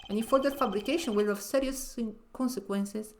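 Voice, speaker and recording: Woman reading a smug composed male prosecutor, dry and measured, high voice. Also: darkish tone, slight background noise, close to an everyday voice.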